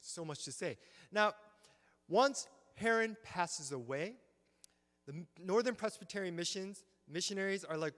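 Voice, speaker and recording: A man giving an animated history lecture at a symposium, telling the story with acted-out quotes and frequent check-ins with the audience. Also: high-pitched, a little slow. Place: church hall. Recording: long reverb of a church hall.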